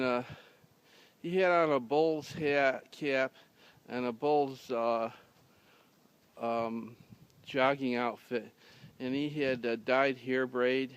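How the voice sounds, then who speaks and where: Slow, smooth-voiced deadpan storyteller man. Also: mid-range voice, no room sound. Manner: rambling, many fillers and restarts, dry delivery. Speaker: humorous storyteller. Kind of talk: casual deadpan anecdote telling.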